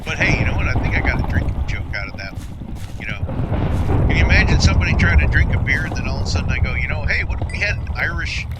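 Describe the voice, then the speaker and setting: A man's voice: a little high, animated, very fast, dull audio, very noisy. A man giving casual gameplay commentary, rambling and joking at himself. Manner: rambling, joking, self-deprecating. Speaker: gameplay streamer.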